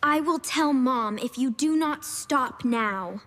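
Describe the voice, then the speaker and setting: A woman voicing a sensible, bossy young girl in a slow cartoon story, scolding and urgent. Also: high voice, fairly bright tone, soft background music. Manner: scolding, then urgent and frantic. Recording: reverberant room.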